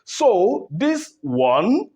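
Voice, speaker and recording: Male teacher, slow and lively-pitched, drills stress by repeating words. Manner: rhetorical questions, repeats words with stress contrasts. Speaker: English teacher. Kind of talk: classroom lesson on word stress.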